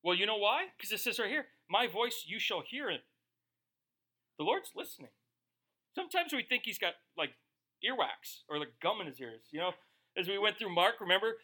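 Bright-voiced, joking preacher man. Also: sits high, big pitch swings, normal speed. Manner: conversational, joking, acts out quoted voices. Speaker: pastor. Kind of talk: sermon.

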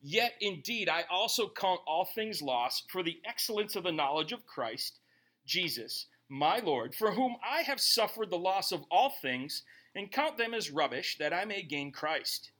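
With a high-pitched voice and an unhurried delivery, a middle-aged pastor gives an animated, emphatic sermon. He often caps his points with rhetorical asides aimed at the congregation.

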